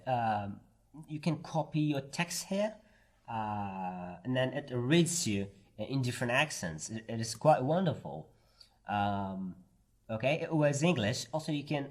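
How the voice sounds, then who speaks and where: A man who teaches English, explaining a website in a hesitant way with many fillers. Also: medium pitch. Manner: hesitant, many ums and uhs. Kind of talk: screen-share tutorial.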